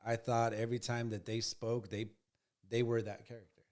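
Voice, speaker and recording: A man's voice: mid-range voice, little pitch movement, moderate pace, a little mellow. A man co-hosting a casual movie review chat, rambling with many fillers and repeated words. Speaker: co-host.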